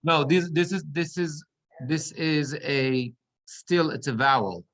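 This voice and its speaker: Slow-speaking man teaching a class. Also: fairly high pitch, fairly bright tone. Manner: slow, halting, with many restarts. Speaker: cantor teaching Torah reading. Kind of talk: online class instruction. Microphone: video call.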